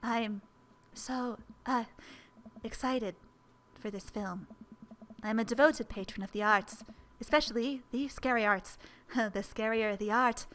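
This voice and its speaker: A woman's voice: a little high, slow, pauses often, fairly bright tone. A woman voicing a nervous, theatrical gothic man who speaks with stiff, overly formal bravado in a dating game. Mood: flustered.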